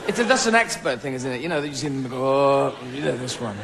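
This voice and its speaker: A man doing a stand-up comedy routine on stage, rambling and animated, often slipping into silly voices. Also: a little high, fast talker, few pauses, echoey room, long reverb tail, very noisy. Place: theatre stage before a live audience.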